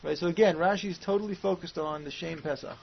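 Speaking quickly in a creaky voice on the high side, this man leads a Talmud class, questioning and working through the logic aloud with Hebrew and Aramaic terminology. Faint hiss runs under the muffled, lo-fi audio.

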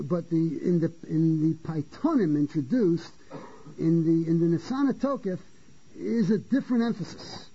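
A man with a fairly high but husky, mellow voice delivers a Torah lecture in a halting way, going back over his own words and asking questions he answers himself. The recording sounds dull and lo-fi. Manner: halting, repeats and restarts phrases; poses rhetorical questions and answers them. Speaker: Torah teacher.

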